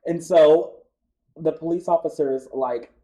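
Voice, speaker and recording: An American man telling a story as a guest in a studio interview, animated and chatty with many fillers. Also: fairly high pitch, a little slow. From United States.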